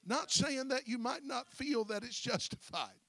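A man preaching a sermon as pastor, folksy and breaking his phrases with "uh", swinging from quiet storytelling to shouted preaching. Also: very high voice, lively intonation, a little slow, vocal fry, no echo.

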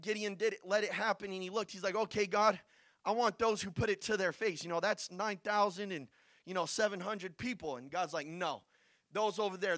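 A young man preaching a sermon, telling Bible stories with acted-out voices and building to shouts. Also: sits high, no room sound. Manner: storytelling, acting out Bible figures, builds to shouting.

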